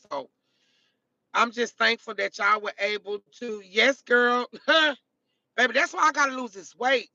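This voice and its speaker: A woman's voice: medium pitch, vocal fry, sharp tone, no room sound, highs cut off. A woman chatting casually to her viewers on a live stream from a car, emphatic and repetitive, calling them baby, honey and girl.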